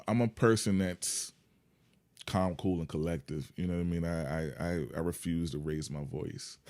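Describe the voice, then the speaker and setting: A man who is a guest on a podcast, talking in a calm, laid-back way that is full of "man" and "you know what I mean". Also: sits low. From Yonkers, New York. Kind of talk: casual interview chat.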